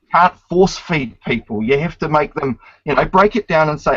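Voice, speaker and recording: A man's voice: on the high side, animated, normal speed, a bit bright, dry recording. A man hosting a casual online chat, lecturing emphatically and swearing often. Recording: dry, dull lo-fi sound.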